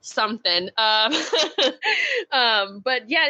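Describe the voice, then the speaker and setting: A woman's voice: on the high side, big pitch swings, slow, bright, forceful tone, highs cut off. A woman author, a guest on a podcast, talking casually with lots of fillers and frequent laughter. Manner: chatty, filler-heavy, laughs often.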